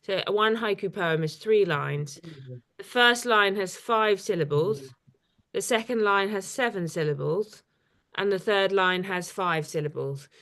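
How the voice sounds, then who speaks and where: Woman running a little poetry workshop on a video call, lots of ums, chatty and a bit scattered, normal pitch. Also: a little slow, a bit bright. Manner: chatty, hesitant with many fillers. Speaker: artist leading a poetry workshop. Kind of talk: informal workshop teaching.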